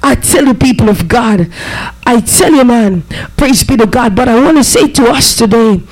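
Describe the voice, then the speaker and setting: A man's voice: very high voice, lively intonation, normal speed, poor audio. A man preaching a fervent sermon, breaking in often with amen and praise be to God.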